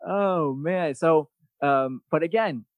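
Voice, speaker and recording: Male podcast host, slightly high voice, dry close sound; blunt, profane and sarcastic storyteller. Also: slow pace, no echo, phone-quality sound. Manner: sarcastic, mocking asides. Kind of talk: casual podcast chat.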